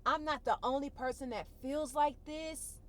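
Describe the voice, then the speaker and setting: A woman vlogger giving an emotional personal testimony in a colloquial, expressive way, repeating phrases for emphasis and holding back tears. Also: high-pitched, moderate pace. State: tearful.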